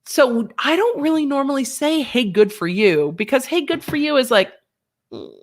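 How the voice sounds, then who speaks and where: A chatty, animated woman hosts a relaxed livestream and reads her viewers' messages aloud, though a sinus infection has left her a little unwell. Her voice is high and she talks at normal speed.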